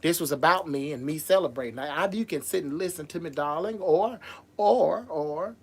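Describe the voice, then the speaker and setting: A man who performs as a drag MC, hosting a casual livestream from Las Vegas, reading out viewer comments and answering them in an animated, sassy way. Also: fairly high pitch, fast, breathy edge. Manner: animated and sassy, calls viewers girl and boo, frequent laughs.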